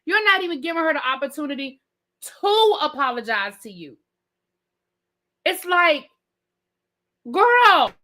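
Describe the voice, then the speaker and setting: A woman's voice: sits high, animated, normal speed, pauses often, pushed and bright. A woman reviewing a TV show in a live rant, heated and profane, with repetitive slangy outbursts aimed at her viewers. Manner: slangy, addresses viewers as y'all and baby.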